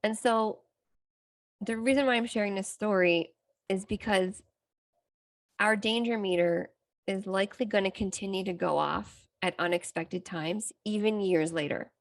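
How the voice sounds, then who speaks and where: A middle-aged woman with a gravelly, creaky edge to her voice hosts a self-help podcast. She tells a personal story candidly and reflectively, sometimes restarting a sentence as she goes, at an ordinary mid pitch. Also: measured pace. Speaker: psychotherapist and podcast host.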